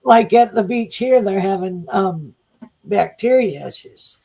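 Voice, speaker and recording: High, gravelly, husky-voiced male psychic. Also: lively intonation, a little slow, dark tone, poor audio. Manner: short agreeing replies, matter-of-fact predictions. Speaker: psychic reader. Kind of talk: casual live podcast chat.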